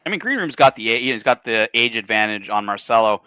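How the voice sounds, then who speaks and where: A man's voice: mid-range voice, animated, quick pace, sharp tone, smooth, dry recording. A man hosting a casual livestream chat, rambling with many fillers. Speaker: livestream host.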